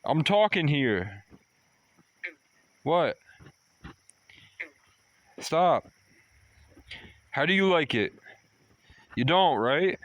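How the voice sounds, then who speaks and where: A man in a comedic outdoor rant by a tent at night near a river, profane and rambling as he yells and taunts an animal. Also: on the high side, big pitch swings, extremely slow, long pauses.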